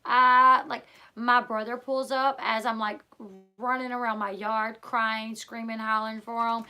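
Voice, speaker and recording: A woman's voice: on the high side, level tone, a little slow, pushed and bright, clear, resonant tone. A woman vlogger telling a personal story in a casual, rambling way, full of fillers. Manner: rambling, filler-heavy, lots of "like" and "um"; emotional, retelling a scare.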